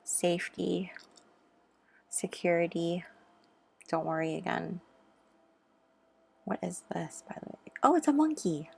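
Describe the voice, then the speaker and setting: A woman giving a pick-a-card tarot reading, gentle and musing, with frequent ums and soft asides. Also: lowish voice, very animated, measured pace, gravelly, pauses often, slightly rough.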